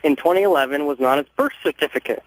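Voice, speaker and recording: A man's voice: fairly high pitch, a crowd in the background. Hesitant male caller on a muffled phone line. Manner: hesitant, halting, full of fillers. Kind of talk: call-in radio talk.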